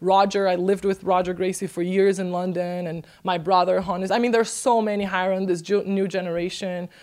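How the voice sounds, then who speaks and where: A young woman from Brazil, a podcast guest, telling a story in casual chat, animated and laughing, acting out quotes in a high voice. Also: fairly quick.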